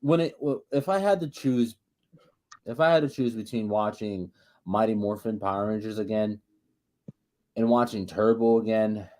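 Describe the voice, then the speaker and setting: A man's voice: lowish voice, moderate pace. A man co-hosting a casual podcast, rambling and profane, stumbling over repeated restarts as he rants. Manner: animated, ranting. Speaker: podcast co-host.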